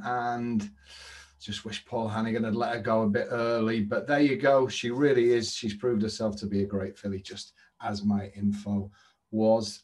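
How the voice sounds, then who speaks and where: Brisk man giving racing tips. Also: on the low side, darkish tone. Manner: brisk, salesy and chatty, tips delivered in quick bursts. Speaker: horse racing tipster. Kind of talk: daily betting tips update. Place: indoor trading room.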